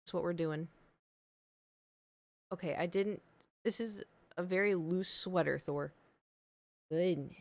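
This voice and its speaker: A woman's voice: fairly low pitch, slow, creaky, pauses often, a little mellow, dry recording. Chatty woman streamer, dry close sound. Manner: chatty storytelling, lots of fillers. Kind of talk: casual chat.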